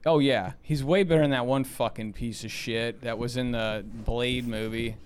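A man's voice: mid-range voice, fairly even intonation, moderate pace, a little hiss or hum. Blunt, profane man ranting about movies. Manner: blunt, profane, rambling opinions. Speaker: podcast co-host. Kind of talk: casual movie review chat.

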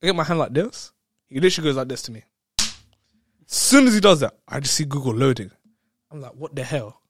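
A man telling a story in casual chat, excitable, laughing often and repeating words. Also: medium pitch, brisk, dry recording, clean studio sound.

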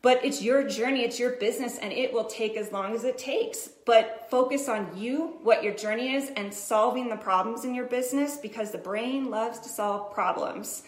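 A woman in her thirties talks straight to her viewers as a business coach, telling a personal story in a chatty, animated way. Her voice sits a little high, and she often checks in with "right?" Her voice rings in an echoey room. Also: normal speed, hardly any pauses. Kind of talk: motivational storytelling to camera.

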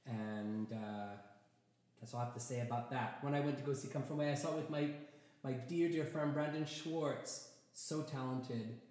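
A Canadian man hosting a theatre talk show, chatting softly and gushing about a show. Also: medium pitch, moderate pace, very echoey. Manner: gushing, soft and chatty with restarts. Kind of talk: casual chat.

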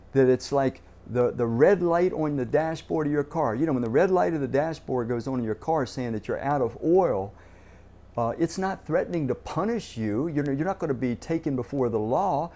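A man's voice: medium pitch, mellow. A man preaching a sermon, earnest, often repeating his words as he builds a point and putting questions to the listeners. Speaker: pastor.

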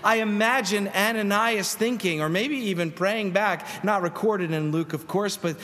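A man's voice: high-pitched, moderate pace, bright, forceful tone. A man preaching a sermon as pastor, in a conversational style with rhetorical questions to the congregation. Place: large church sanctuary. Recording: long reverb of a church hall.

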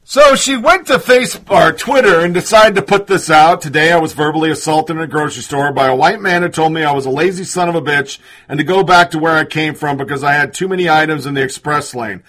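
A man's voice: fairly high pitch, fast talker, few pauses, fairly bright tone. A man hosting a commentary show, reading listener messages and news with a sarcastic edge. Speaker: host.

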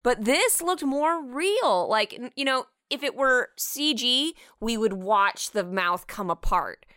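A woman co-hosting a casual film review podcast, animated and swearing casually. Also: on the high side, takes it slowly, no room sound, clean studio sound. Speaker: podcast co-host.

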